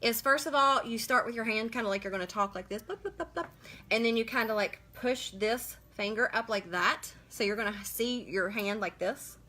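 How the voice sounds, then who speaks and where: A woman's voice: fairly high pitch, moderate pace, few pauses, sharp tone. Chatty woman hosting a live makeup tutorial. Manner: chatty, greets viewers by name while working. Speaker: makeup livestream host.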